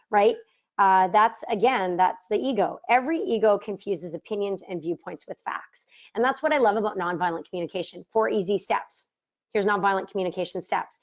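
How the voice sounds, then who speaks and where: A woman's voice: medium pitch, muffled recording. A middle-aged woman leading a book study, talking casually, asking her audience rhetorical questions and acting out quoted arguments. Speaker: mindset trainer leading a book study course. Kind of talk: casual teaching talk.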